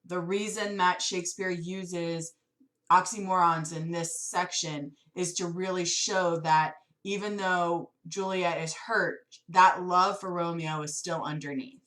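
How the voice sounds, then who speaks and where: A woman's voice: fairly low pitch, steady tone, measured pace, a bit bright. A woman teacher explaining a play to students in a plain, conversational way.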